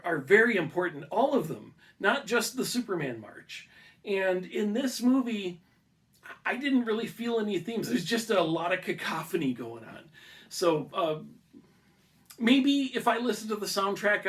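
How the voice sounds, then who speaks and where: A man's voice: high-pitched, a bit bright, slightly rough, dry recording. A middle-aged man giving a casual, meandering movie review in his home studio, chatty and full of fillers and restarts. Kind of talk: casual opinion monologue.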